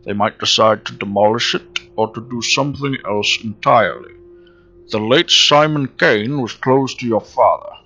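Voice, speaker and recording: A man reading a solemn male game character's advice in a slow, measured, raised voice. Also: medium pitch, bright, forceful tone, muffled recording.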